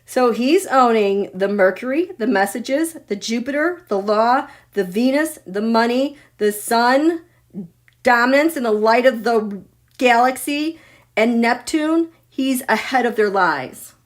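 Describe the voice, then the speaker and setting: A middle-aged woman hosting a live astrology reading, excitable and gushing, swinging from loud exclaiming to near whispers. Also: on the high side, unhurried. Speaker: astrology and tarot livestream host.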